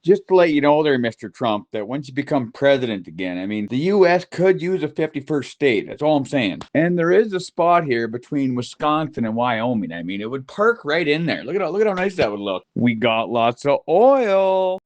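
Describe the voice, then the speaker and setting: A man's voice: mid-range voice, very animated, moderate pace, hardly any pauses, dry recording. Rowdy, profane man on a road trip. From Canada. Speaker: vlog host. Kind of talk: casual road-trip vlog.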